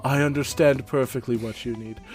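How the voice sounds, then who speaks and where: A man voicing a pompous, scholarly bird-folk gentleman who is a vain writer, speaking in a grandiose, fussy way. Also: mid-range voice, steady tone, moderate pace, faint music behind, lightly acted. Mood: grand.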